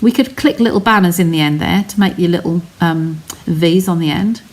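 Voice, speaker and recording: A woman's voice: fairly low pitch, moderate pace, slight background noise. A woman hosting a live craft stream from her home studio, explaining each step in a chatty way and talking to her viewers.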